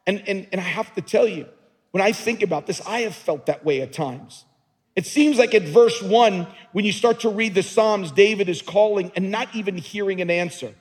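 A man's voice: high-pitched, normal speed, slightly rough. A male pastor preaching a sermon to a congregation in an earnest, emphatic way, often repeating and restarting words. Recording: long reverb in a large hall.

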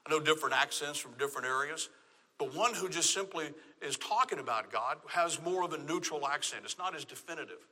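A man's voice: on the high side, animated, fairly quick, pushed and bright, in a large hall. A man from Texas with a Texan accent, preaching a sermon with emphatic, repeated phrases. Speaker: pastor.

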